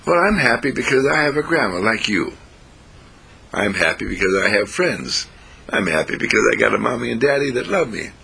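A man voicing a cheerful, loving little granddaughter in a high, eager voice. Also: very animated, fairly quick, gravelly, bright, forceful tone, husky, exaggerated voice. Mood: adoring. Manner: sweet, eager, high-pitched.

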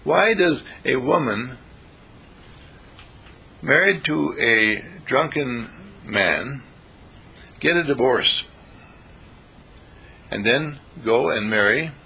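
A man delivers a sermon in a husky, gravelly voice with a bright, sharp edge. His pitch swings widely as he tells stories and slips into the voices of the people in them. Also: extremely slow, pauses often. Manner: animated, acts out characters in the stories. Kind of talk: sermon with storytelling.

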